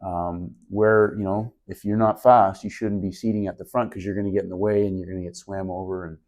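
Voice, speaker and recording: A man's voice: deep voice, level tone, fairly quick, darkish tone. A middle-aged man, a podcast guest, telling a story in an earnest, reflective way during a casual interview.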